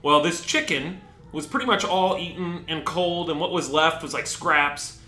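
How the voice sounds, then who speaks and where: A man co-hosting a casual comedic chat as an animated storyteller who swings between quiet asides and loud bursts. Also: a little high, normal speed. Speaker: podcast co-host. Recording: echoey room.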